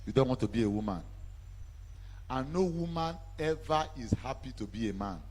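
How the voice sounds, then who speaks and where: Animated preacher, lively pitch. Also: male voice, normal speed. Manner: animated call-and-response with the congregation. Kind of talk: sermon.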